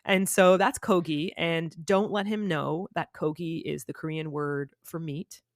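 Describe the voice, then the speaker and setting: A woman's voice: low-pitched, fairly even intonation, unhurried, no echo. Chatty woman on a dry mic. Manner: chatty, with many fillers and restarts. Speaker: podcast guest, YouTuber. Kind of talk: candid conversational interview.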